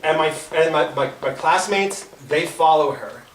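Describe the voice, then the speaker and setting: A young man doing stand-up at an open mic, telling a story in a halting way full of restarts. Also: a little high, a little hiss or hum. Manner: halting, stammering delivery with many restarts. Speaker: stand-up comedian. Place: small comedy club at an open mic. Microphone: no microphone, recorded from across the room. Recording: roomy, distant open-mic room recording. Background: audience laughter.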